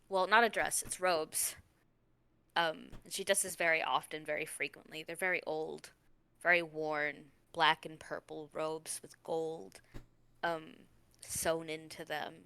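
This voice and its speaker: Woman setting up her tabletop character's scene, low but bright clear voice, unhurried. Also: no room sound. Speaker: player. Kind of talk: casual tabletop role-play narration.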